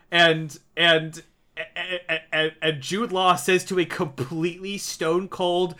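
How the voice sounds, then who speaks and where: A man's voice: high voice, level tone, slow pace, sharp tone. A man co-hosting a podcast, chatting casually about a movie, sarcastic and laughing often as he acts out lines from it. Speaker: podcast co-host. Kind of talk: casual movie-review chat.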